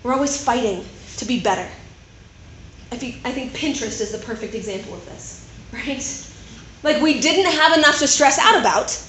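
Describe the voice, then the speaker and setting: A woman preacher speaking to a Christian women's group, chatty and animated, who keeps checking in with her listeners. Her voice sits a little high. The room is echoey with faint background noise. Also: moderate pace. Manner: conversational, animated, keeps asking "right?". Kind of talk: sermon.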